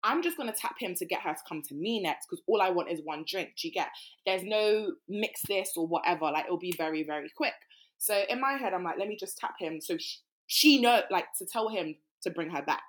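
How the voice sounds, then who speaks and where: A woman, co-hosting a podcast and telling a story in casual chat, animated and full of swearing. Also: fairly low pitch, a little fast, a little hiss or hum. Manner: animated, swearing, mimics people. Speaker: podcast co-host.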